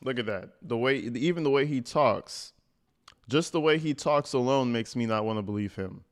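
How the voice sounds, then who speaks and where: A man's voice: medium pitch, lively intonation, moderate pace. A man streaming live, reacting to a video with blunt, mocking and profane commentary.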